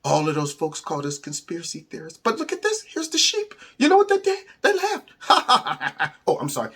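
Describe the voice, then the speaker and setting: A man hosting his own show, giving casual, mocking commentary on memes with frequent laughs and sudden high exclamations. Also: wildly swooping pitch, fast, fairly bright tone, husky. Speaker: host of a commentary channel.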